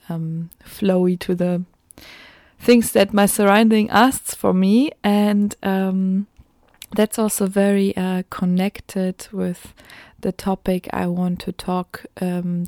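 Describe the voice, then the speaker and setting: A woman with a German accent hosting her own solo podcast, talking slowly and reflectively with many pauses and ums. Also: mid-range voice, gravelly, dark tone, no room sound, clean studio sound. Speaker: podcast host.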